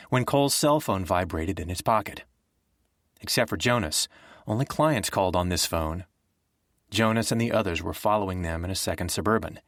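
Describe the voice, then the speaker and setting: A man narrating an audiobook in a measured, even storytelling way. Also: on the low side, dry recording, studio quality.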